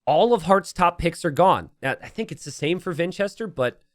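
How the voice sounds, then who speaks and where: Animated man casting a game live. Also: on the high side, moderate pace, no echo, clean studio sound. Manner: rambling, self-deprecating, joking asides. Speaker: game caster and streamer. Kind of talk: live game commentary mixed with casual chat. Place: home streaming setup.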